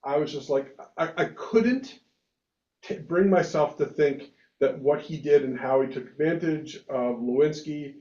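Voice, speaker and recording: A man's voice: fairly high pitch, a little slow, a little mellow. A man who is a rabbi, talking animatedly in a casual discussion, with frequent restarts and emphatic bursts. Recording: echoey room, dull lo-fi sound.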